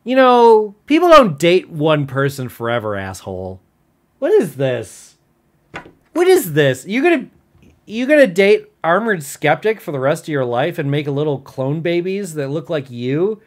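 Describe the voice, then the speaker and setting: A man's voice: fairly high pitch, big pitch swings, normal speed. A stoned man vlogging live, reacting to a video in an irritated, rambling, profane rant.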